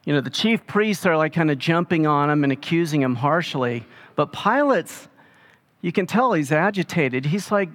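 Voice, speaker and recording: A man preaching a sermon in a relaxed, conversational way, retelling scripture in everyday speech. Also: a little high, moderate pace. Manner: casual storytelling, paraphrasing scripture in everyday speech. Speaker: pastor.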